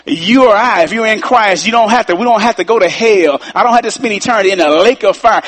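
A high-pitched male preacher. He repeats his key phrases, drops in folksy asides, and builds toward rousing shouts. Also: fast, few pauses. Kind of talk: sermon.

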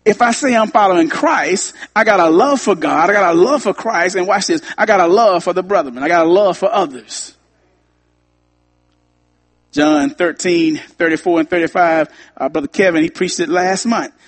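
A man's voice: sits high, moderate pace. A man preaching to his congregation, repeating lines for emphasis and talking straight to the room. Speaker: pastor. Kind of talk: sermon.

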